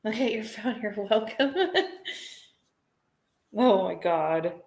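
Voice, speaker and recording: A woman's voice: medium pitch, lively intonation, slow, gravelly, a little mellow. A woman chatting casually on a live stream, rambling and emotional, often breaking into laughter. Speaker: livestreamer. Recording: roomy echo.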